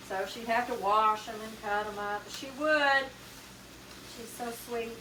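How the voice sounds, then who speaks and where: A woman with a Southern US accent talks her way through a recipe in a casual, homey manner, stirring as she goes. She sounds a little off-mic in an echoey kitchen. A pan sizzles loudly behind her. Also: a little high, a little slow, distant mic, noisy background. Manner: chatty, homey, talks while stirring and cooking. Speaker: cooking channel host. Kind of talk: casual cooking demonstration. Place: borrowed home kitchen, indoors. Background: frying and sizzling from the stove.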